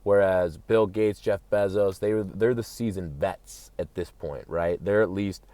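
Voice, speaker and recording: Comic ranter, male, lowish voice, dry close sound; profane, rambling, third-person self-talk. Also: unhurried, mellow, no echo. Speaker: comedic commentator. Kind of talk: manic comedic rant.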